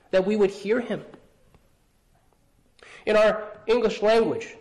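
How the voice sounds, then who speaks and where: A man with a high-pitched voice preaching a sermon to his congregation. He speaks earnestly and often restarts his phrases. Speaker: pastor.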